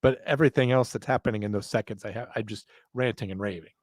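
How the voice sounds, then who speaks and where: A man's voice: lowish voice, fast, no room sound. A man hosting a live chat, rambling and self-mocking, laughing often. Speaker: show host.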